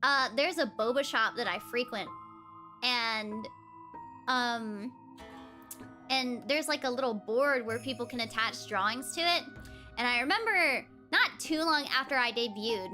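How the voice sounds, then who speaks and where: A young woman with a high, sparkling voice chats away on a VTuber stream, laughing often and breaking into giggles between stories. Her tone is bright and lively, with soft music playing faintly underneath. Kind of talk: casual livestream chat. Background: faint background music.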